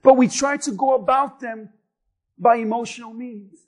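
A man's voice: very high-pitched, steady tone, moderate pace, darkish tone, poor audio. A male pastor delivering an emphatic sermon, driving points home through repetition.

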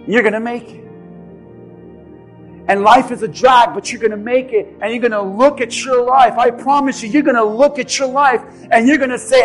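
A male pastor with a very high voice delivers a sermon, swinging between hushed passages and fervent shouts. Soft music plays faintly beneath him. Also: a little slow. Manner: impassioned, rising to shouts then dropping low. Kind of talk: sermon with altar call.

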